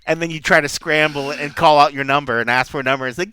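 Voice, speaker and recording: Rambling, animated middle-aged man storytelling. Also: on the high side, fast, clear, resonant tone, no echo. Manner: animated storyteller, rambling asides, acts out quotes. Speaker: podcast co-host. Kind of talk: casual chat.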